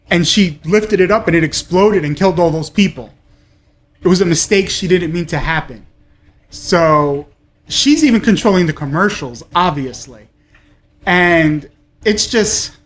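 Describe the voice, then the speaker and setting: A man hosting a casual TV episode review, talking in a rambling, gushing way with frequent exclamations. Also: high-pitched. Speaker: host of a TV review show.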